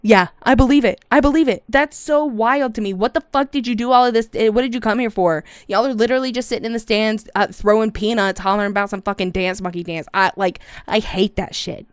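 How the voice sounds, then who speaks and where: A young woman, streaming a casual reaction, loud and profane with frequent exclamations. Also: on the high side, fairly quick, hardly any pauses, clear, resonant tone, no echo, clean studio sound.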